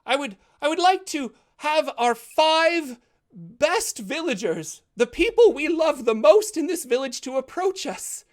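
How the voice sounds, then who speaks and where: Woman as an old priest, higher-pitched and stately, slow blessing tone, for a tabletop game. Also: sing-song. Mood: ceremonial. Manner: slow, formal ceremonial speech. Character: very old male village priest, solemn and welcoming.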